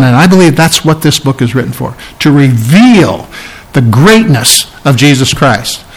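A pastor preaching with emphatic conviction, driving points home by repeating them. His voice sits a little high for a man. He turns low and gentle when he calls listeners to faith and leads the prayer. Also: sing-song, unhurried, low-quality recording. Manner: emphatic, repeats key lines for stress; drops to a soft, low voice for the altar call and prayer. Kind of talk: sermon.

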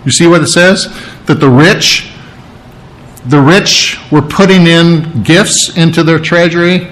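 A man's voice: on the high side, steady tone, a little slow, fairly bright tone, rough recording. A man preaching a conversational sermon, chatty, checking in with his listeners and imitating sounds.

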